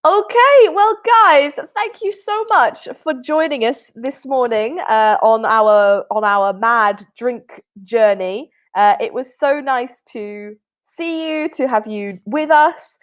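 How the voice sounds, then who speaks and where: Cheery english teacher lady, kinda high voice, muffled webinar audio, keeps saying fantastic. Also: takes it slowly, few pauses. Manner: upbeat, encouraging, says "fantastic" often. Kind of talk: online English lesson.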